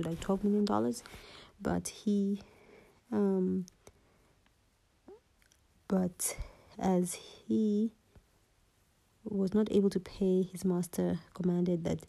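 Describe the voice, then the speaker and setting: A woman in a whispered Bible reading and teaching, halting and often losing her place and rereading verses. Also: fairly low pitch, gravelly, mellow, rough recording.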